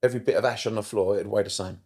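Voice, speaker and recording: A middle-aged man with a fairly low voice talks as a podcast guest. He is animated, swears freely and repeats words to drive points home. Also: very fast. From United Kingdom. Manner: animated, swears often, repeats himself for emphasis. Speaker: therapist guest. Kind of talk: casual podcast interview.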